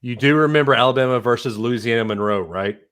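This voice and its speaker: A man co-hosting a podcast in casual chat, excitable and reading out listener comments. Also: mid-range voice, fast talker. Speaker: podcast co-host.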